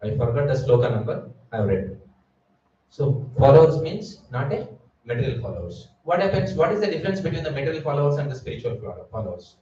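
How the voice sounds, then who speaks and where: A man's voice: mid-range voice, very animated, fast, warm tone, slight background noise. A man giving a Sunday sermon at a temple, asking his listeners rhetorical questions. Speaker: preacher. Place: temple hall. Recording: echoey hall, distant mic, dull sound.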